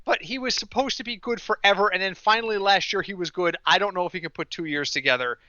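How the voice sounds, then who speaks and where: Bright animated male podcast host. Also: sits high, fast talker, dry recording, lo-fi sound. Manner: animated storyteller, mimics others in quoted voices. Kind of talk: casual podcast chat.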